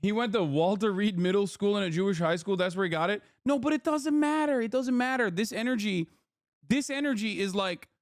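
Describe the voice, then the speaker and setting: A male streamer reacting live, loud and mocking, swinging into animated rants. His voice sits high for a man and sounds close and dry. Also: fairly quick, dry recording.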